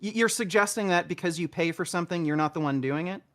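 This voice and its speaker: A man's voice: sits high, quick pace, a loud crowd. A young man in a heated online debate, stammering and defensive as he argues his point. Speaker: debate contestant.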